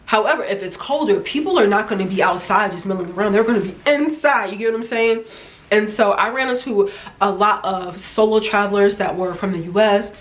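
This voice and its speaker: A woman's voice: mid-range voice, fairly quick. A middle-aged American woman from New Jersey, chatting casually to camera as a travel vlogger and acting out the voices of people she met. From United States, New Jersey. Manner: chatty, animated, acts out quoted voices.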